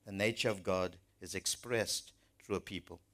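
A man's voice: low-pitched, steady tone, normal speed, a bit bright. A man preaching a sermon to his congregation, earnest and emphatic, often repeating words as he builds a point.

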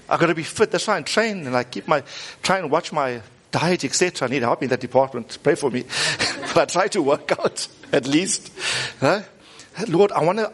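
A man, preaching a lively sermon and coaxing the congregation to repeat lines after him. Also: fairly high pitch. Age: 50s. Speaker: pastor.

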